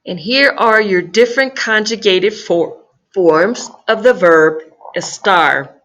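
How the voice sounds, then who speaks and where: A woman's voice: medium pitch, slow pace, fairly bright tone. A woman teacher explaining grammar in a recorded lesson, patient and careful, repeating key phrases and speaking. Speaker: Spanish teacher.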